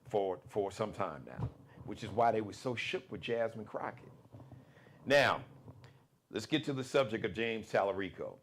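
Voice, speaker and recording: A man hosting a live political commentary show, talking in an emphatic, repetitive monologue that swings between loud bursts and low asides.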